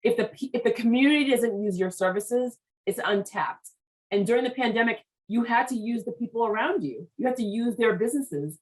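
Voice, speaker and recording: A woman's voice: a little high, expressive, fairly quick, poor audio. American lady hosting a chat, super eager, lots of "like" and "i mean". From United States, Haitian American. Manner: enthusiastic, gushing, says "like" and "I mean" often. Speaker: podcast host. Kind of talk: casual interview chat.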